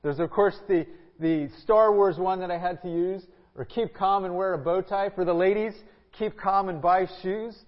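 A male pastor reading scripture aloud and then preaching a sermon in an earnest, measured way, with frequent filler sounds. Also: sits high, steady tone. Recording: echoey hall, dull lo-fi sound.

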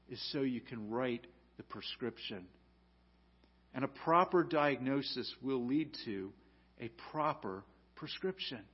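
A man preaching a sermon as pastor, rising to loud emphatic peaks and dropping to quiet, low lines. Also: husky, muffled recording.

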